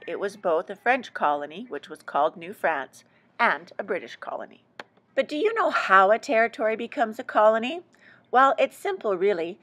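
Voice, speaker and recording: A woman's voice: medium pitch, fairly bright tone. Lady teacher doing a history lesson for kids, jokey and teasing, voice bounces up and down a lot. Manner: playful, teasing, exaggerated asides to students. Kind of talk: scripted history lesson narration.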